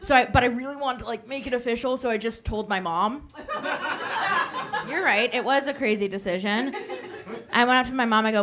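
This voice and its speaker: A woman's voice: a little high, normal speed, long pauses. Candid woman comic, noisy recording. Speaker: stand-up comedian. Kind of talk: stand-up set. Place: comedy club stage.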